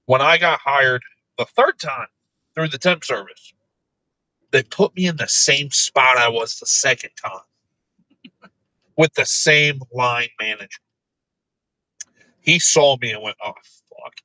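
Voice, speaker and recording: A man telling crude work stories in casual chat, laughing often and delivering his own quoted replies deadpan. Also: medium pitch, slow, long pauses, no room sound, rough recording.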